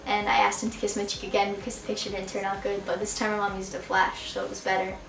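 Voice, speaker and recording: A teenage girl from the New area tells an excited, gushing story of meeting a singer, full of "like" and quick asides. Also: mid-range voice, gravelly, recorded from a distance, noisy background. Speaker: vlogger. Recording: roomy and a bit off-mic.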